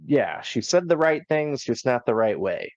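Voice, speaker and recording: A man's voice: mid-range voice, very animated, moderate pace, no echo. A man hosting a casual wrestling review chat, recapping unhurriedly with many fillers. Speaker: podcast host. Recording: slightly dull lo-fi recording.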